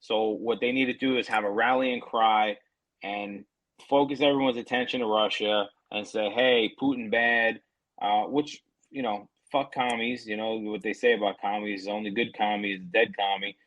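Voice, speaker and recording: A man's voice: lowish voice, steady tone, moderate pace, a bit bright, rough recording. Profane ranting podcast co-host, man. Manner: profane, ranting, mocking quotes. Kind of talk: casual podcast chat. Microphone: remote call.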